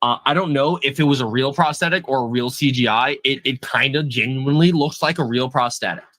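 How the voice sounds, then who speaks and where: A man co-hosting a podcast, chatting casually about a movie in a hyped, animated way and often repeating himself. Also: mid-range voice, a little fast, dry recording. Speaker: podcast co-host. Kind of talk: casual movie review chat.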